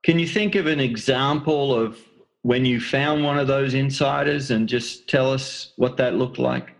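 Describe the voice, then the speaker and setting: A man's voice: medium pitch, measured pace, vocal fry, low-quality recording. Man asking brief follow-up questions. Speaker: interviewer. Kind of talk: interview questions.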